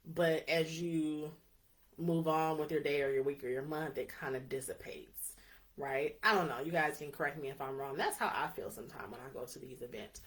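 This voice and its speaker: A woman's voice: sits low, steady tone, normal speed. A woman who owns a notary signing service, talking casually and earnestly to her viewers, with frequent ums and direct asides to the audience. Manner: chatty, earnest, frequent ums, addresses viewers as you guys. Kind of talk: casual live talk to an audience.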